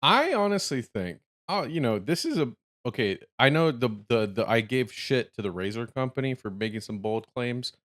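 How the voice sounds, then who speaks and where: A man's voice: medium pitch, very animated, normal speed, hardly any pauses, fairly bright tone. A man hosting a reaction video, rambling through his thoughts with lots of restarts and easy laughter. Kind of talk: casual reaction commentary.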